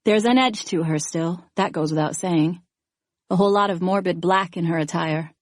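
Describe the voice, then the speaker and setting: In studio-quality audio with no room sound, a lowish-voiced woman reads a first-person thriller audiobook in a steady, measured storytelling style.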